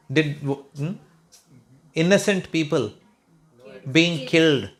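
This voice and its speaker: A spiritual speaker from Mumbai, with an Indian English accent and a slightly high voice, talks very slowly to a home group. He's conversational, wry, and at times sarcastic, often checking in with "right?" and "hmm?".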